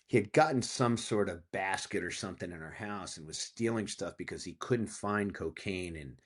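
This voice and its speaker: A deep, slightly rough male voice belongs to a Pennsylvania man in his fifties. He's a guest author in a casual interview, spinning a story with animated energy, acting out what people said and swearing freely and often.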